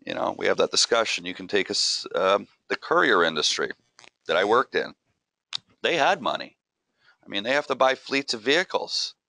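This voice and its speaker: A man's voice: lowish voice, lively intonation, moderate pace, creaky, pushed and bright, dry recording, studio quality. A middle-aged man hosting a marketing show, talking in a conversational, emphatic, plain-spoken way. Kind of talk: casual commentary.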